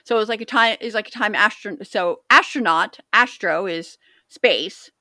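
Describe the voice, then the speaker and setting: Bright, chatty woman podcast host. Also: medium pitch, moderate pace, dry recording, studio quality. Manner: rambling, jokey, stumbles over words. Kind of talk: casual chat.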